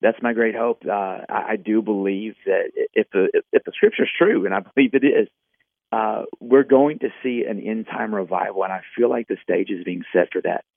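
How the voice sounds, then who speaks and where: A man, a pastor, speaking hopefully and in a measured way as a podcast guest. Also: lowish voice, gravelly, dry recording. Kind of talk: faith podcast conversation. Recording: tinny phone line.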